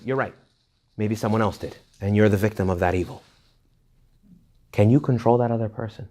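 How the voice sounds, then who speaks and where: A priest gives a retreat talk in a lively, conversational way, peppering the listeners with questions. He breaks into jokes and quick asides before circling back to his point. His voice sits at an ordinary middle pitch for a man. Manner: rhetorical questions directed at the audience. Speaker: Catholic priest leading a retreat. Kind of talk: informal retreat talk to young adults.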